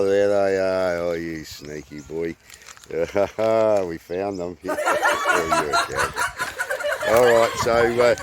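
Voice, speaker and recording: An Australian man in his fifties hosting his channel in casual, halting talk full of fillers, recorded outdoors. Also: fairly low pitch, a little hiss or hum. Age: 50s. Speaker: channel host.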